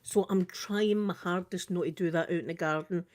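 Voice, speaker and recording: This older woman's voice is on the low side, with a moderate pace and a Scottish accent. Chatting on a live makeup vlog, she tells stories with animation, acting out screams and quotes.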